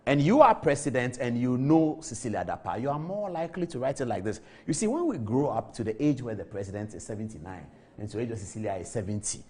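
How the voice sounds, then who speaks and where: A man's voice: medium pitch, darkish tone, husky. A middle-aged Ghanaian man hosting a TV talk show, giving emphatic studio commentary on the news and repeating words for effect. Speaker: TV show host.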